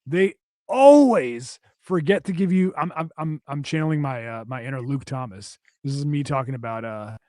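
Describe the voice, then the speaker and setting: A man's voice: medium pitch, expressive, moderate pace, mellow, no room sound, clean studio sound. Ranting, profane man on a podcast. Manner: profane, ranting, rambling with restarts. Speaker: podcast co-host. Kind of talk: casual podcast chat.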